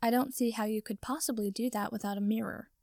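A woman's voice: a little high, fairly even intonation, fast, vocal fry, a little mellow, no room sound. A woman voicing a sarcastic, dry-witted teenage boy wizard.

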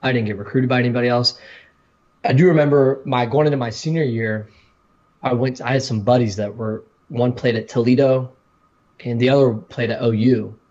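A man's voice: mid-range voice, steady tone, moderate pace, a little mellow, highs cut off. A man casually telling stories about his college football recruiting, rambling with many restarts. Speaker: podcast co-host, former college football player. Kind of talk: casual podcast storytelling.

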